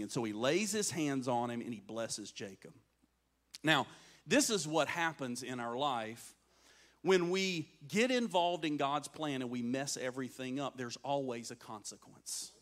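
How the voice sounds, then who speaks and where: A man's voice: mid-range voice, lively intonation, moderate pace, a bit bright. A man preaching a sermon, telling a story and acting out its voices, often turning to the crowd with questions. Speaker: pastor.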